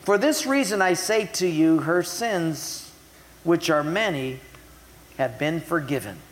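A man's voice: a little high, animated. Man preaching in a reverberant hall. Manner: retells scripture in a casual way, slows down for emphasis. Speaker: pastor. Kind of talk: sermon.

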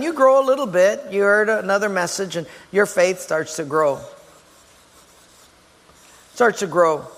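High-voiced animated pastor preaching. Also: male voice, big-room sound. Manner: animated, acts out little voices and exclamations. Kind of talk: sermon. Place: church sanctuary.

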